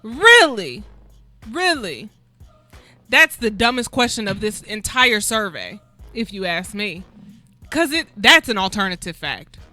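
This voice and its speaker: A woman's voice: mid-range voice, animated, normal speed, bright, forceful tone, faint music behind. Sarcastic woman co-hosting a talk show. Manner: incredulous, sarcastic, rhetorical questions. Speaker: guest co-host. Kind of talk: casual talk show chat.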